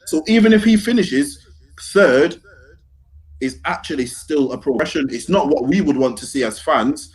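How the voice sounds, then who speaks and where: Slangy man, fairly high voice. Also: animated, normal speed. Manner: slangy, keeps asking if you get what he's saying. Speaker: podcast co-host. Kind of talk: casual football podcast chat.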